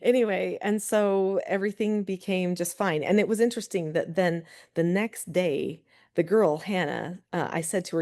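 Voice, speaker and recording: A middle-aged woman, a guest on a parenting show, telling stories in lively conversation and acting out other people's voices. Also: fairly low pitch, moderate pace. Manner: lively, acts out quoted voices. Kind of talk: conversational storytelling.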